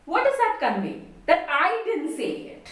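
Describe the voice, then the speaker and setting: A woman with an Indian accent teaching a communication lesson. She stresses her words deliberately and expressively. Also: extremely high pitch, huge pitch swings. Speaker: communication trainer. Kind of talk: spoken lesson. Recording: echoey room, distant mic.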